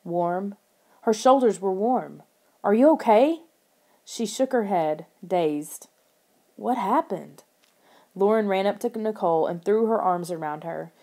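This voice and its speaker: Mellow woman narrating an audiobook. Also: medium pitch, measured pace. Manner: steady, expressive storytelling. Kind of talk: scripted first-person narration of a children's horror book.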